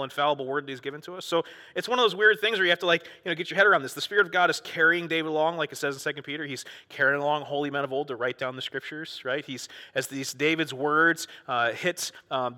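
A man preaching a sermon in a casual, conversational way, acting out quoted prayers with a rising, excited voice. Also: on the high side, big-room sound. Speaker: pastor.

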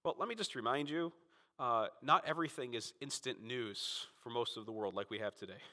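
A man from Florida preaching a Sunday sermon as pastor, emphatic and fervent, swinging between loud peaks and quiet asides. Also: fairly quick, big-room sound. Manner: emphatic, rising to fervent peaks then dropping low.

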